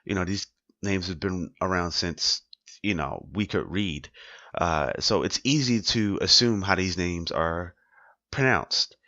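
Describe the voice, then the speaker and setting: A man's voice: sits low, measured pace, pushed and bright, no room sound, highs cut off. A man hosting a solo podcast, talking casually and repeating his points with rhetorical questions. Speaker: podcast host.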